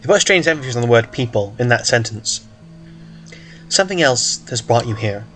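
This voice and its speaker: A man's voice: medium pitch, expressive, a little fast, a bit bright, faint music behind. A man casually reading a story aloud, breaking off for jokes and asides, stumbling over words. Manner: joking, self-interrupting, stumbles and hiccups. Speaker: reader of a story game.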